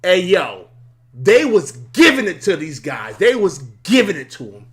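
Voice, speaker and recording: A man hosting a live sports talk stream, excitable and profane, laughing often and repeating himself, his voice worn from yelling. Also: high-pitched, measured pace.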